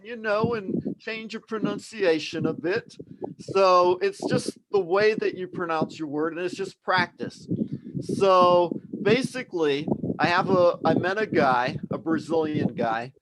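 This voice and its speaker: A man's voice: high voice, unhurried, slight background noise, rough recording. Upbeat encouraging male English teacher. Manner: explanatory, encouraging, conversational. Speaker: English teacher hosting a live class. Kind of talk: live online lesson.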